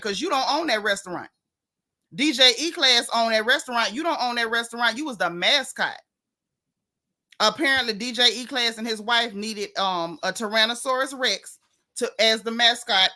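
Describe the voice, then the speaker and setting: A woman's voice: a little high, sharp tone. A woman hosting a casual gossip livestream, talking in a sassy drawl and greeting her viewers.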